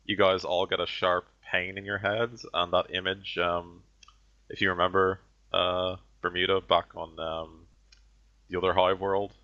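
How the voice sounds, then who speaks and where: A man's voice: low voice, level tone, a little slow, bright, forceful tone. A man narrating a tabletop game as game master, hesitant with many fillers. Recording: dull lo-fi audio.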